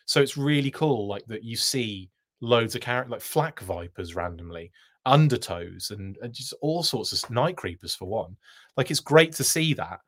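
A man's voice: mid-range voice, lively intonation, moderate pace, fairly bright tone. A man hosting a casual livestream reaction, chatting, answering viewer comments, and often breaking off mid-sentence. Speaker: host.

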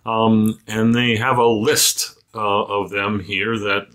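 A man's voice: lowish voice, level tone, slow, fairly bright tone. A man hosting a medical podcast in a casual, chatty way with many fillers and asides. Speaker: podcast host, physician editor.

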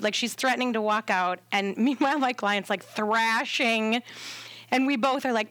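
A woman, a doula and podcast guest, telling a story in a casual, animated way and acting out the quotes with laughs. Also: on the high side, fairly quick, no echo.

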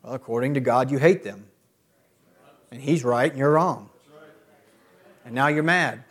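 A middle-aged man preaching a sermon as a pastor. He often builds to loud, emphatic peaks. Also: medium pitch, measured pace.

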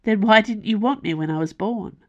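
A woman reading aloud, voicing a stubborn young man who answers a god with defiance, pitched a little higher and pressing. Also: a little fast, lo-fi sound, natural voice. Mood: defiant.

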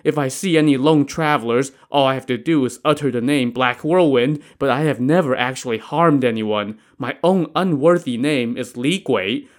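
A man voicing a cowardly male highway robber and imposter who talks in a trembling, pleading way. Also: moderate pace, few pauses, close to an everyday voice. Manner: pleading, trembling, high-pitched.

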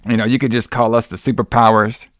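A man co-hosting a podcast, recapping a wrestling show in a rambling, excitable way with lots of fillers. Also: mid-range voice, fast, no echo, clean studio sound. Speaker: podcast co-host.

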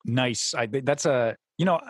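A man's voice: medium pitch, dry recording. A man hosting a podcast who asks questions in casual chat and often starts over mid-sentence. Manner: asks questions, halting restarts. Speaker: podcast host.

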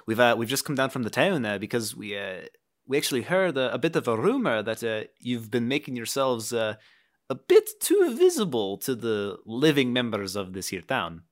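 A man's voice: medium pitch, sing-song, moderate pace, natural voice. A man voicing a courteous skeleton adventurer who talks politely and hesitates often. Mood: hesitant. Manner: polite and hesitant, full of fillers.

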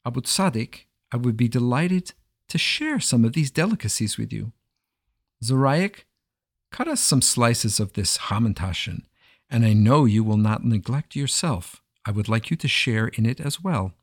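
A man voicing an imperious, quick-tempered king who gives commands. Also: medium pitch, animated, no echo, studio quality. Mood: gracious. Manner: commanding, roaring.

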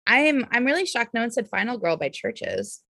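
With a Californian accent from the San Francisco Bay Area, this woman guests on a podcast, chatting bubbly and effusively, filler-heavy and a little tipsy. Her creaky voice sits on the high side and sounds pushed and bright, with big pitch swings at a moderate pace. The studio-quality recording has no echo.

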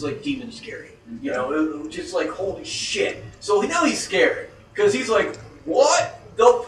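A man's voice: high voice, pushed and bright. A man telling a story in a casual, profane way, acting out scared reactions as he goes. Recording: echoey room heard from a distance.

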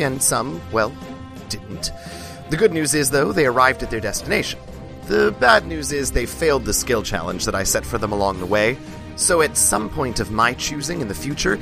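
A man with a hoarse voice from a cold, hosting and narrating a tabletop game as dungeon master, with many fillers and restarts. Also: medium pitch.

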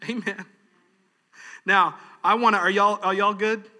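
A man's voice: high voice, fairly even intonation, slow, bright, forceful tone, in a large hall. A man preaching a sermon in a folksy, practical way, chuckling often. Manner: folksy, practical, laughs easily. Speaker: pastor.

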